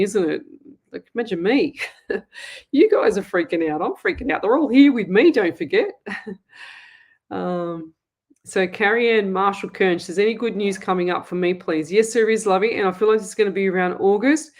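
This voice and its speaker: This Australian host of a live psychic show reads out viewer comments with excited exclamations, plenty of laughter and affectionate asides, in a voice that sits on the low side.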